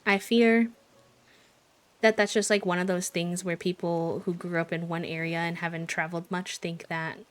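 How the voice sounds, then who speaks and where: A woman's voice: on the low side, little pitch movement, moderate pace. A young woman with a Midwestern American accent, chatting casually as a streamer while playing and reading chat. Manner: chatty, thinking aloud.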